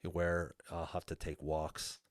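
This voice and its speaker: A man's voice: deep voice, level tone, measured pace, no echo, studio quality. A man speaking as a guest coach in a casual podcast interview, earnest and open in a plain-spoken way.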